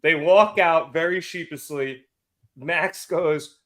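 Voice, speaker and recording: Animated man recapping a show. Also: on the high side, measured pace. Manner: animated recapper, acting out quotes. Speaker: podcast co-host. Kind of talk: casual wrestling review chat.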